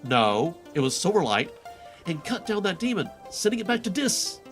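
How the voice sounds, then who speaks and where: A man's voice: high-pitched, sing-song, normal speed, fairly bright tone, soft background music. A man voicing a boastful male impostor who tells grand, made-up adventure stories in a game quest fan voice-over. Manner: grandiose, showy storytelling.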